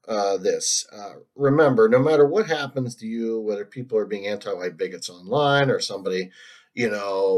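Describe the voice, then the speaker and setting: A man hosting a solo stream, talking in a casual, rambling monologue full of restarts, fillers and frequent laughs. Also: lowish voice. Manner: halting, many restarts and fillers, laughs often.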